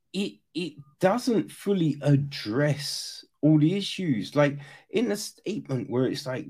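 A man giving a casual, animated critique of a film, swearing now and then and acting out quoted lines. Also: a little high. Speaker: reviewer.

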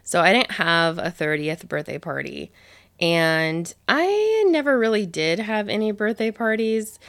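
A woman's voice: medium pitch, big pitch swings, measured pace, a bit bright, no echo, studio quality. Rambling, profane woman in her thirties. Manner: rambling, profane, many fillers. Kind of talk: casual storytelling monologue.

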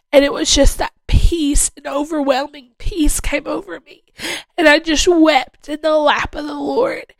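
A woman's voice: high voice, fairly even intonation, measured pace, vocal fry, no room sound, poor audio. A woman hosting a podcast, sharing a heartfelt personal faith testimony in an earnest way and repeating phrases for emphasis. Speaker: podcast host.

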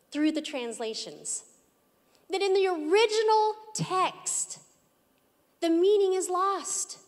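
A woman pastor preaching an emphatic, earnest sermon in a church hall. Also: high voice. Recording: echoey hall.

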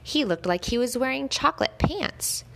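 A woman reading a children's story aloud, gentle and expressive, lifting her voice at the lively moments. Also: high-pitched, moderate pace, creaky.

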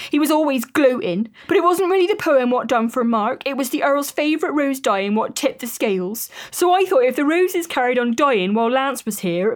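An actress playing an anxious young housemaid in an audio drama, pleading and earnest. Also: female voice, high voice.

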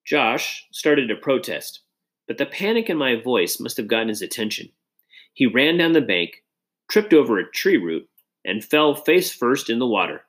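A man's voice: medium pitch, big pitch swings, normal speed, fairly bright tone. A man narrating a children's novel in the first person and acting out the dialogue. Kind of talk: audiobook reading of a children's novel.

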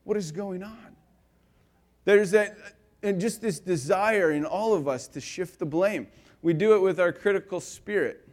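A male pastor giving a conversational sermon, telling stories with lively swings between loud and quiet and filling his talk with "like" and "you know.". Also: high voice, normal speed. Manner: animated storyteller, swinging between loud and soft; casual, with frequent "like" and "you know".

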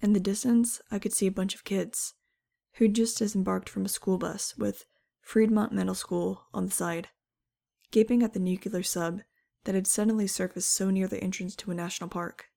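A woman narrating an audiobook in the first person, wry and conversational. Her voice has a gravelly, creaky texture at a middling pitch. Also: steady tone, normal speed, mellow.

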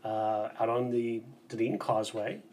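A man's voice: medium pitch, little pitch movement, normal speed, darkish tone, slight background noise. A man who guides bike tours, talking as a guest on a casual podcast in an upbeat, enthusiastic, motivational way.

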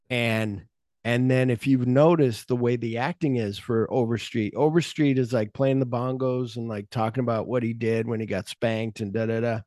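A man chats through a movie on a podcast, tone dark and mellow. He keeps acting out characters' lines in quick, offhand impressions. The sound is dry and close, with no room echo. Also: mid-range voice. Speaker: podcast host. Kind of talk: casual movie discussion podcast.

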